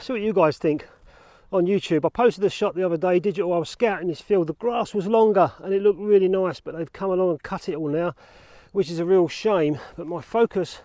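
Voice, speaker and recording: A man's voice: high-pitched, a little mellow, dry recording. Breathless chatty man outdoors. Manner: chatty, self-deprecating, swears mildly. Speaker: film photography vlogger. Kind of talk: casual outdoor vlog. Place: outdoors in fields. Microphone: action camera.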